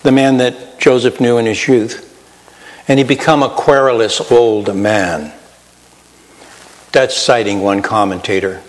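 A man's voice: medium pitch, in a large hall, rough recording. A man preaching a sermon in a folksy, self-deprecating way, shifting his pace and volume for emphasis. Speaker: pastor.

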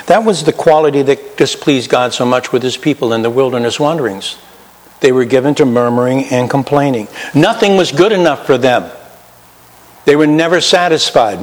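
A man's voice: mid-range voice, in a large hall, poor audio. A man preaching a sermon in a folksy, self-deprecating way, shifting his pace and volume for emphasis. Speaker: pastor.

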